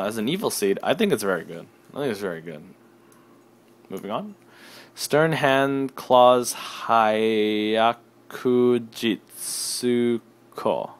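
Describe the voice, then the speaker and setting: Sleepy young man rambling about cards. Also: lowish voice. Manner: rambling, self-deprecating. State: tired and yawning. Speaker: card game reviewer. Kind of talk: casual card review. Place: home desk.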